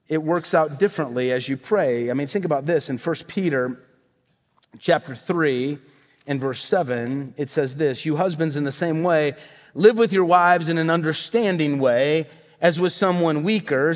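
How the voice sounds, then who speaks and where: Emphatic male pastor preaching in a hall. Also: on the high side. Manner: emphatic, repeats key phrases, direct address to congregation. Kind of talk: sermon. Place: worship center.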